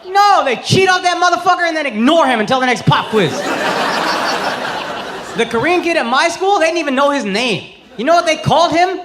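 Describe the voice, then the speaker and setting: On a club stage before a laughing audience, a man in his thirties works a handheld mic with a brash, profane, punchy comedy set. His voice is very high with lively intonation and a fairly quick pace, and the recording carries loud crowd laughter and noise.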